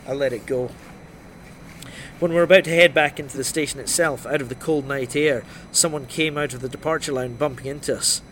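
A man reading a first-person crime novel aloud in a dry, wry, steady storytelling voice. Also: mid-range voice, a little fast, a little hiss or hum. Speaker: audiobook narrator.

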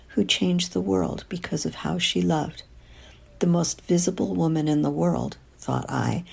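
An older woman narrates a first-person story in a wry, confiding way, slipping into whispers at times. Her voice is low and dark, with a strong gravelly fry and a husky, breathy grain. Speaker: audiobook narrator.

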